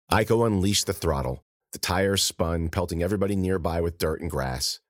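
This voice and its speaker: Male author-narrator, low and animated, dry studio sound. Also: moderate pace, few pauses, no room sound. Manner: expressive, animated reading. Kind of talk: scripted audiobook narration.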